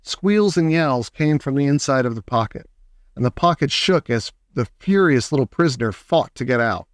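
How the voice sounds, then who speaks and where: A man narrating a children's story aloud in a steady, expressive reading. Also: mid-range voice, normal speed, no echo, studio quality. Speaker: audiobook reader.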